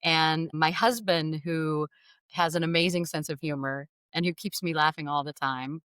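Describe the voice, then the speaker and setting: Animated, self-deprecating woman storyteller. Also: sits low, moderate pace, clean tone, dry recording, studio quality. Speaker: guest author. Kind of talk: candid personal storytelling.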